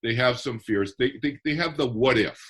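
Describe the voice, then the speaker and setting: A man's voice: medium pitch, lively intonation, brisk, fairly bright tone. A man who is a guest author on a podcast, explaining his ideas earnestly and step by step. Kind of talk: podcast interview.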